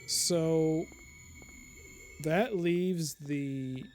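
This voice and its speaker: A man's voice: fairly high pitch, drawn-out words, a little hiss or hum. Chatty male game streamer. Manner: thinks out loud, chatty, reads item text aloud. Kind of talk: casual live game commentary.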